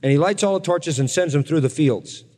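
A man's voice: a little high, brisk, darkish tone. A man teaching a Bible passage in a sermon, telling the story in a conversational, wry way with asides to his listeners. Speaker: pastor. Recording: long hall reverb.

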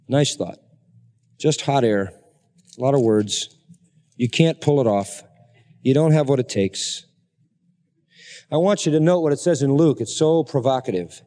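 A man delivers a sermon with emphatic force, climbing to high, intense peaks. His voice is mellow and sits a little high. The sound rings with the long reverb of a large church hall. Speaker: pastor.

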